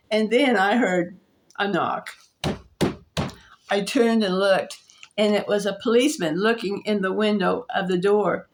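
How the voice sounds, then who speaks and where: A woman vlogger telling a personal story in a halting way, with restarts and soft laughs. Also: mid-range voice, fairly even intonation.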